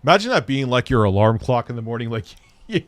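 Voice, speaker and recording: A man's voice: medium pitch, big pitch swings, fast, dry recording. A man hosting a livestream, chatting casually and rambling through crude, profane jokes. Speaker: streamer host. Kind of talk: casual livestream reaction chat.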